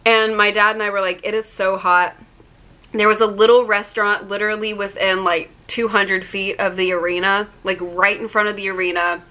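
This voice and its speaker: To her camera, a young vlogger recounts a personal story in a bright, clear, mid-range voice, chatty and loaded with "like," her voice catching with feeling. Her delivery is flat and brisk, with hardly any pauses.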